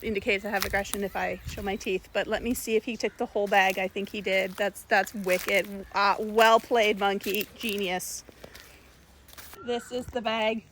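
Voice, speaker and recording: A woman's voice: medium pitch, level tone, moderate pace, fairly bright tone, slight background noise. A woman vlogging casually outdoors, chatting and giggling as she feeds monkeys. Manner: chatty, giggly, talks baby-talk to monkeys. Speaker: travel vlogger. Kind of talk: casual vlog narration.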